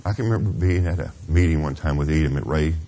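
A middle-aged man preaching a sermon in a church, earnest and confessional, asking "Amen?" of the congregation and dropping to a hushed near-whisper at tender moments. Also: very deep voice, quick pace. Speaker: pastor.

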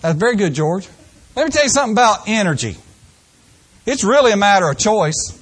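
An older man with a high-pitched voice delivers a folksy sermon. He slips into mock voices to act out people's excuses, then drops back into plain, earnest preaching. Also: very animated, brisk, fairly bright tone, husky.

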